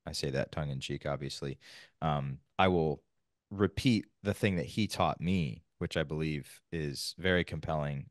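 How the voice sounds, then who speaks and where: A man on a podcast, explaining his point in an articulate, measured way. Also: rumbling low, dry recording, studio quality. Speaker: podcast guest. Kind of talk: casual podcast discussion.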